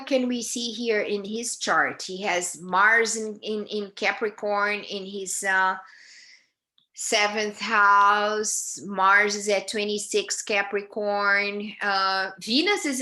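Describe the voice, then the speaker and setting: A woman teaching astrology to a group, talking with many fillers, pauses and restarts. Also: mid-range voice, bright, forceful tone. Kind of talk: live group talk on astrology. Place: United States.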